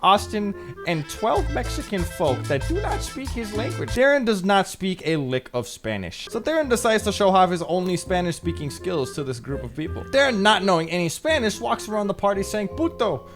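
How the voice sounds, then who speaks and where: A man's voice: sits high, very animated, brisk, faint music behind. A young man hosting a gaming channel, telling comedic stories over gameplay and laughing at his own jokes.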